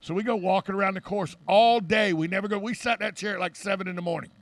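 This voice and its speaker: A man's voice: sits high, quick pace, dry recording. A man hosting a radio talk show, telling long anecdotes in a casual chat. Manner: storytelling, animated anecdotes.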